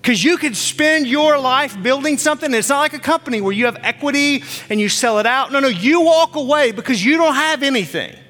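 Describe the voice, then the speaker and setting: A man's voice: very high-pitched, lively intonation, fairly quick, few pauses, pushed and bright. A man in his forties preaching a sermon as pastor on a church stage, impassioned and repeating his phrases. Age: 40s. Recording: long church reverb with faint music.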